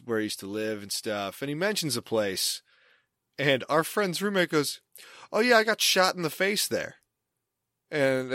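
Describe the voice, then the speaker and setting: A man's voice: mid-range voice, bright, forceful tone, dry recording, studio quality. A young man telling a casual, rambling story, often stopping and restarting mid-sentence. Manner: rambling, self-interrupting storyteller.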